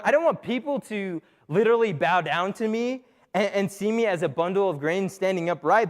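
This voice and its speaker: A man's voice: sits high, very animated, brisk. A young man giving a conversational, joking sermon to a young crowd, asking himself questions and using many fillers. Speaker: youth speaker. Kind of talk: casual sermon talk.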